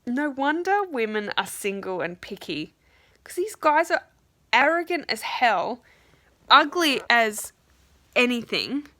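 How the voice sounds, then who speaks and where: A young woman talks straight to her audience in a casual, frustrated rant, swearing often and acting out what others said. Her voice is bright and forward. The recording is dry and close, with no room sound. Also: on the high side, big pitch swings, slow, dry recording. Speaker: vlogger. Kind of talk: casual ranting vlog.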